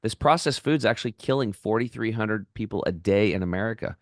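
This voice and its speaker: Enthusiastic low-voiced man telling stories. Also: expressive, a little fast, no room sound, studio quality. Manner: enthusiastic, rambling, acts out quoted voices. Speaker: podcast guest. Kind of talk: excited storytelling interview.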